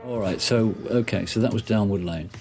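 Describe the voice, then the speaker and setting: A man's voice: fairly low pitch, normal speed, a little mellow, a little hiss or hum. A man hosting a casual chat, introducing pieces and thinking aloud with hesitations. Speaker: host.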